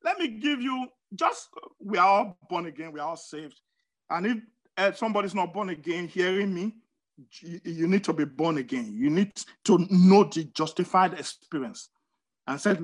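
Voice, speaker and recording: A preacher giving a sermon, repeating words and phrases emphatically, with sudden swings of pitch and loudness. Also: animated, normal speed.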